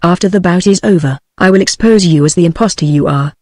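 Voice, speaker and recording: A British English text-to-speech female voice reading the lines of a vengeful male referee in an audiobook, with flat synthetic delivery. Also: fairly low pitch, fast talker, dry recording, clean studio sound. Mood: threatening.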